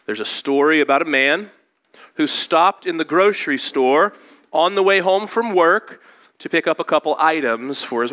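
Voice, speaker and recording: A male pastor preaching a sermon in a church, moving from slow scripture reading into lively storytelling. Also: fairly high pitch.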